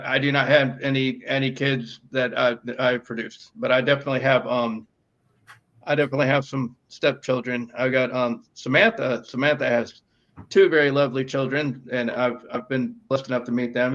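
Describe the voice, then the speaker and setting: A man's voice: medium pitch, steady tone, moderate pace, a bit bright. A man with a New York accent, co-hosting a casual podcast chat, rambling with many fillers and restarts. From northeastern United States. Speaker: podcast producer and co-host. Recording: dull lo-fi sound.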